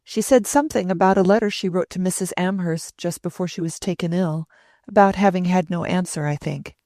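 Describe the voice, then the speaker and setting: A woman's voice: lowish voice, fairly quick, warm tone, no echo, clean studio sound, natural voice. Nervous young governess, apologetic and hesitant, voiced by a woman narrator.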